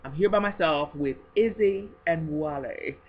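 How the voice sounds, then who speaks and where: A woman talking on her faith video blog at home, expressive and swinging from hushed to excited as she speaks of God and blessings. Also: sits low, unhurried, dull audio. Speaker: video blogger.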